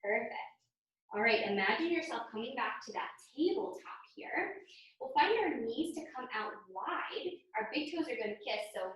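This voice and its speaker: A woman teaching a children's yoga class, giving gentle, encouraging cues. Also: a little high, sing-song, normal speed, distant mic. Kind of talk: guided yoga lesson for children. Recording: echoey room from off-mic.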